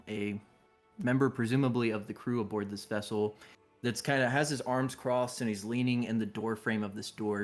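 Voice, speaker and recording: A man narrating as game master with a laid-back, laughing, casually profane manner. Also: on the low side.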